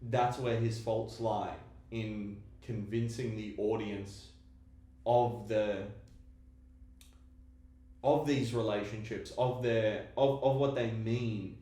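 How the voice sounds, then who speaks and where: Guy breaking down a movie calmly and analytically, big echo on the mic. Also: on the low side. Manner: analytical, measured arguing. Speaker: podcast co-host. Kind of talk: casual film discussion. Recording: very echoey room.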